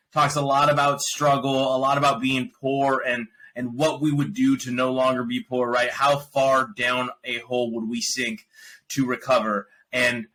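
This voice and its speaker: A man with a medium-pitched voice hosts a podcast, chatting casually and ranting animatedly about films and shows he's watched, laughing often. The audio is poor, with slight background noise.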